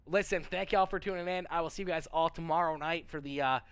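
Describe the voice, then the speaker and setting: A man's voice: on the high side, fast talker, clear, resonant tone. A man livestreaming and chatting casually with his viewers. He rambles, jokes and repeats himself, and says he is not feeling well. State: feeling unwell. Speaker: livestreamer reading chat.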